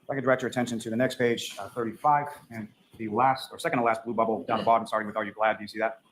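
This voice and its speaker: A male attorney directs a witness from page to page in a courtroom and keeps reusing the same polite, formal phrases. He talks very fast, and faint noise sits under his voice. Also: on the low side, level tone, a bit bright, poor audio. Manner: formal, repeats set phrases. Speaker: trial attorney. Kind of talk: courtroom questioning.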